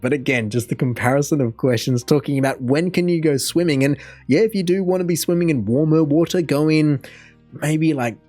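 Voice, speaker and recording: A man's voice: on the high side, fairly even intonation, a little fast, a little mellow, soft background music. A young Australian man hosting a reaction video, commenting in a chatty, thinking-aloud way with frequent laughs. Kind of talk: casual commentary over a video.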